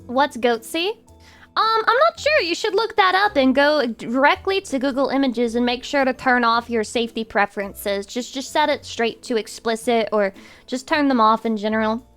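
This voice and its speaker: A young woman with a high voice chats casually with her stream viewers, playful and teasing. She breaks now and then into sudden squeaky outbursts. Faint music plays behind her. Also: expressive, normal speed, fairly bright tone. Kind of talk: casual chat reacting to viewers.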